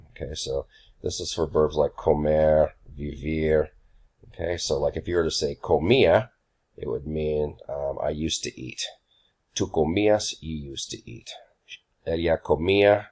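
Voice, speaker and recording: Man, extremely low voice, young adult, laid-back teacher, lots of fillers. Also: a little slow. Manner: relaxed, many ums and uhs, says y'all. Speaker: Spanish teacher. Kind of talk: casual recorded grammar lesson.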